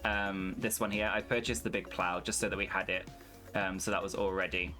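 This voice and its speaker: Chatty man with a low voice. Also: flat delivery, a little fast, pushed and bright, faint music behind. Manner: chatty, swears freely, ranting. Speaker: streamer. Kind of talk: casual gameplay commentary.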